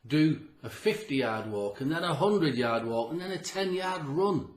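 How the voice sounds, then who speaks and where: A man with a voice on the high side speaks at a moderate pace, animated and in a roomy echo. As a health vlogger giving a motivational talk to camera, he's earnest and emphatic, repeats himself for effect, and sounds audibly short of breath.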